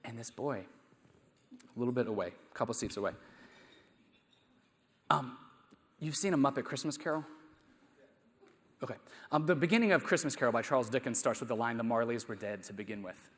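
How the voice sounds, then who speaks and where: A man's voice: mid-range voice, animated, a little fast, pauses often. Man telling stories in an echoey hall. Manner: conversational, rhetorical questions, self-deprecating asides. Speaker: math teacher giving a conference plenary talk. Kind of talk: storytelling conference talk. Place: conference hall.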